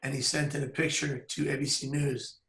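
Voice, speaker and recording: Guy in his thirties telling his own story real earnest, pretty even flat tone, bit of roomy echo. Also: mid-range voice. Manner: earnest, measured storytelling with pauses. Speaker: public speaker. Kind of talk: personal story told on camera. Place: outdoors by a bridge.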